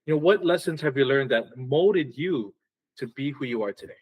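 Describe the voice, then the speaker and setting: A man's voice: mid-range voice, expressive, moderate pace, breathy edge, poor audio. A man hosting a live radio talk show in a studio, upbeat and laughing often as he wraps up. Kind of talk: casual live radio chat.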